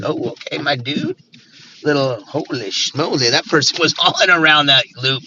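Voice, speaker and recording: A man's voice: on the high side, expressive, moderate pace. A man live-streaming while he drives, chatting loosely to his viewers and to himself through a Bluetooth mic in the car. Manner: rambling, talks to himself and chat, playful nonsense words. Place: inside a car. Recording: dull lo-fi stream audio with road noise.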